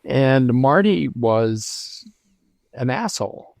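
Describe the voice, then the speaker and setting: An older man recalls his career in an unhurried, reflective way, full of ums and restarts. His voice sits at an ordinary pitch. The sound is dry and close. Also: animated, vocal fry, a little mellow, no room sound. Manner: reflective storytelling, many fillers. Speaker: guest, lighting designer. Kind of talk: casual interview conversation.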